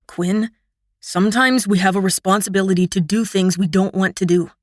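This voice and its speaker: A woman's voice: medium pitch, fairly even intonation, moderate pace, dry recording, lightly acted. Audiobook bit, lady doing a bossy young guy scolding his sister, whispery and annoyed, dry booth sound. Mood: cross. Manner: cross, scolding in hushed tones. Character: stern young man, protective twin brother.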